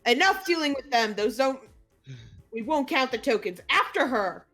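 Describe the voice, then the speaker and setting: A woman's voice: on the low side, animated, a little fast, darkish tone, faint music behind, voice pushed down. A woman voicing a stern male casino boss who speaks curtly and commands. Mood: commanding. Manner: curt, commanding.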